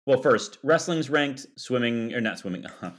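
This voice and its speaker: A man's voice: mid-range voice, lively intonation, moderate pace, fairly bright tone. A man co-hosting a casual sports podcast, rambling through the news with jokes and fillers. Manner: rambling, jokey. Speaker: podcast co-host.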